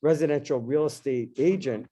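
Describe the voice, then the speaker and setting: A middle-aged man, a guest in an interview, telling a personal story in an animated, casual way and acting out his own past lines. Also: fairly high pitch, moderate pace, a little hiss or hum. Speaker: interview guest, dentist and investor.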